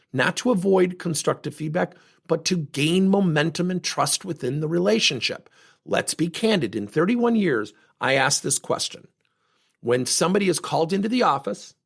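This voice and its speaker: A middle-aged man giving a motivational talk as a former coach, telling stories in an animated way and acting out the people in them. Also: fairly high pitch, gravelly, slightly rough. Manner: animated storytelling, acting out quotes.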